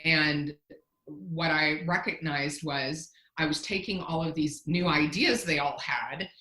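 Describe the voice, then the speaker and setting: A woman's voice: low-pitched, slow, sharp tone, reverberant, low-quality recording. A woman, a company founder, telling a candid, self-deprecating story in a casual interview, often restarting her sentences.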